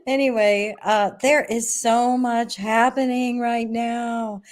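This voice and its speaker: A woman's voice: fairly high pitch, steady tone, takes it slowly. Giggly, scattered woman livestream host. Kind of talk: casual livestream chat.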